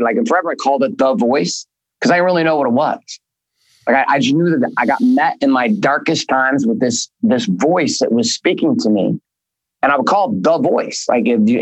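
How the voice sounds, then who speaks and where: A man's voice: mid-range voice, husky, no echo, rough recording. A man guesting in an interview, telling stories bluntly with casual profanity and a rambling, repeating flow. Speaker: guest, business coach. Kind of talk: candid interview talk.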